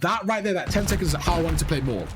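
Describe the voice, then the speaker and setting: Speaking fast and expressively in a high voice, a man coaches over gameplay, rattling off the same urgent instructions and chatting with viewers. Loud game gunfire and effects fill the background.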